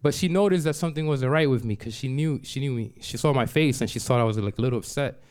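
Man, storyteller, smooth clear voice, easy everyday delivery, lots of "like", punchy emphasis. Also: mid-range voice, fast talker, a little mellow. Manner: conversational, repeats "like" and restarts. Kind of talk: personal story told to an audience.

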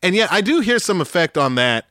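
A man from Atlanta talks through a favorite song with eager, musing enthusiasm. His voice is bright and forward, and the recording is dry and close with no room sound. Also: sits high, sing-song, fairly quick, dry recording. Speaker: podcast co-host. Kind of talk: casual music-discussion chat.

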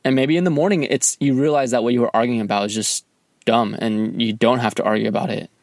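Male co-host, mid-pitched, gravelly, calm and easygoing. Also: fast talker, dry recording, studio quality. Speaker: podcast co-host talking with his partner. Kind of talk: casual chat.

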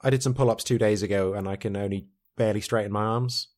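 A man's voice: on the low side, steady tone, fast, a little mellow. A man co-hosting a podcast in casual chat, reading out listener messages with a dry, teasing humour. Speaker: podcast co-host.

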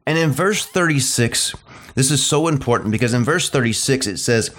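A middle-aged man preaching a sermon, repeating short phrases and slowing down to stress key points. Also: mid-range voice, lively intonation, a bit bright. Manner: emphatic, repetitive preaching cadence, slows down on key phrases.

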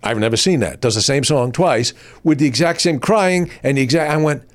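An older man chatting on a podcast, swinging his voice high and low as he acts out what people said. His telling is loose and lively, full of restarts and asides. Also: brisk. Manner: animated, acts out quotes with big pitch jumps. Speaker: podcast host. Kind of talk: casual storytelling chat.

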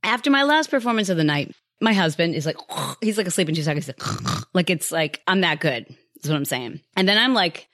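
A woman's voice: lowish voice, expressive, a little fast, a bit bright, dry recording, studio quality. A woman hosting a podcast, talking candidly and casually to her listeners about habits, often acting out her own past thoughts. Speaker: podcast host. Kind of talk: casual motivational monologue.

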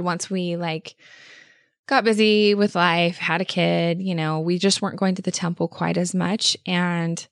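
A woman co-host tells a personal story in casual, earnest conversation. Her voice sits a little low, with a gravelly texture. The recording is dry and close. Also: no echo. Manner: earnest and enthusiastic, lots of fillers. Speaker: podcast co-host.

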